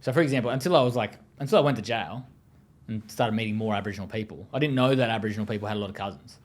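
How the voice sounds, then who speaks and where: A man's voice: fairly low pitch, racing. An Australian man speaking as an interview guest, telling his story in a blunt, profane, casual way with many fillers.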